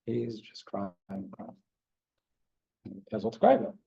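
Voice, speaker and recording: A middle-aged man, a rabbi teaching an informal class, telling a heartfelt story in a halting way. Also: on the low side, very animated, creaky, mellow, breathy edge. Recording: dull lo-fi recording.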